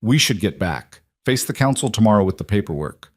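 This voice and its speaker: A terse, blunt rancher with a low voice, read by a man. He speaks plainly and dryly, without flourish, in a dead-dry close sound. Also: expressive, a little fast, no room sound.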